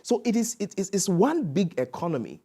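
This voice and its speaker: A Nigerian commentator on a live news panel, making a measured, reasoned argument. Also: medium pitch, sing-song, warm tone, breathy edge.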